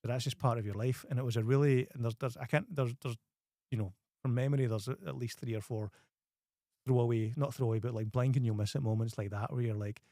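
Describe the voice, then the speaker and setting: A man with a Scottish accent hosting a casual film review chat, animated and often restarting his phrases. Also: mid-range voice, quick pace, no room sound, studio quality. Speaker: host.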